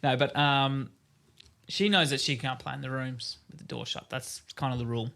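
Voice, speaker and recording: Australian man, thirties, podcast co-host, gravelly voice, bright tone, laughs through his stories. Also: medium pitch, steady tone, normal speed. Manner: laughing storyteller, acts out his kids' lines. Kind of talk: casual chat.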